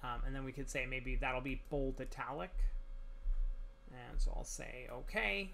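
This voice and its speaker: A man talking through a software tutorial as he works, relaxed, with many pauses and fillers. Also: medium pitch, a little hiss or hum. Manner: relaxed, many ums and restarts while working. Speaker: tutorial instructor. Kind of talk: screen-recorded software tutorial.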